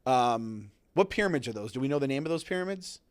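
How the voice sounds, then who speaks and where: A man in his thirties co-hosting a casual podcast, rambling, excitable and self-mocking. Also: mid-range voice, fast, smooth. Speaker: podcast co-host. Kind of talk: casual chat.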